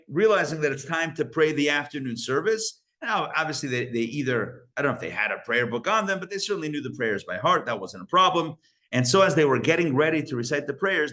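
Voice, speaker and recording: A rabbi with a medium-pitched voice narrates a tale during a live Torah lesson. His delivery is lively and chatty, full of restarted sentences and religious words drawn from Yiddish and Hebrew.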